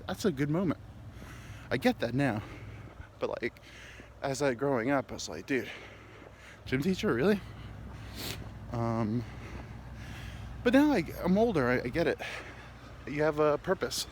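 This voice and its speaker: A man's voice: mid-range voice, big pitch swings, normal speed, long pauses. Podcast host, male, candid and crude, talking while he walks uphill, a little winded, faint noise outside. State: slightly winded, walking uphill. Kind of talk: rambling comic monologue. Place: outdoors, walking.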